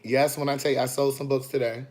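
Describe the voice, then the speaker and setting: A man, an author, chatting on a phone livestream in a sassy, animated way, talking straight to his viewers. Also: medium pitch, quick pace. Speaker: author hosting a live video. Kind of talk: casual livestream chat. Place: in the city after a book event.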